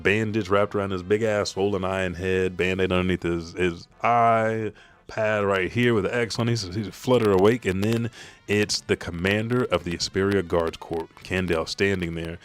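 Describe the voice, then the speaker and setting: A man hosting a manga reaction, casually retelling a chapter and acting out the characters' lines. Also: deep voice. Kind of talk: casual chapter recap with voiced quotes.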